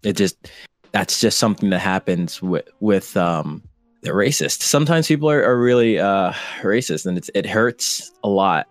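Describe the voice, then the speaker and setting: A man's voice: low-pitched, lively intonation, moderate pace, no room sound. A man speaking as a podcast guest, casual and hesitant, with many fillers and restarts. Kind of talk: casual conversation.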